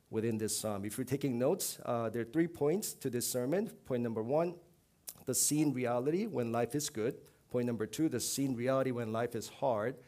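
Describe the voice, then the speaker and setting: A young man delivers a sermon as pastor in an earnest, steady voice of middle pitch. He builds to emphatic, louder rises on key points, then drops back to a quieter, reflective tone.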